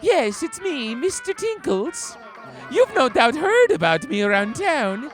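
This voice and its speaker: A flamboyant, gossipy neighbor from a game, who swoops wildly up and down in a very high voice. He stretches his words out in a campy, theatrical way. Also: very animated, soft background music, exaggerated voice. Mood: flirty, campy. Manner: campy, theatrical, drawn-out delivery. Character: flamboyant gossipy male cat-town neighbor. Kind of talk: game character dialogue.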